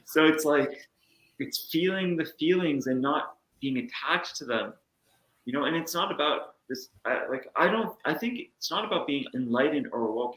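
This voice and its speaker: A man's voice: medium pitch, pushed and bright. Earnest man in an echoey room. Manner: earnest, reflective, acts out inner voices. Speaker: guest. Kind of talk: casual chat.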